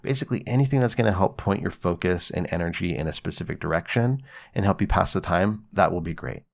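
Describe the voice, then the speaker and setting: A man hosting a psychology podcast, giving relaxed, conversational advice with casual swearing and acted-out examples. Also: low-pitched, quick pace, gravelly.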